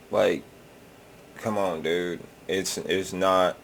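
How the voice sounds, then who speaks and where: A man's voice: low-pitched, steady tone, measured pace, a little hiss or hum. A man hosting a reaction video, rambling casually and swearing often in a laid-back drawl.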